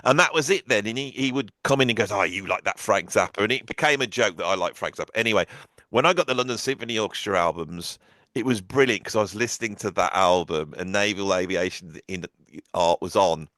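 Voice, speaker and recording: A man with a lowish voice recounts stories and gives opinions in a relaxed, conversational way. The sound is dry and close, with no room echo. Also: fast. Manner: animated storyteller, acts out quotes. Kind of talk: conversational anecdote and music talk.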